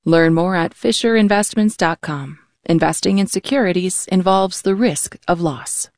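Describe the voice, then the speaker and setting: A woman reading sponsor messages for a radio station in a smooth, scripted manner. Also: fairly low pitch, normal speed, darkish tone, no echo, clean studio sound. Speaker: station announcer. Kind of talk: sponsor reads.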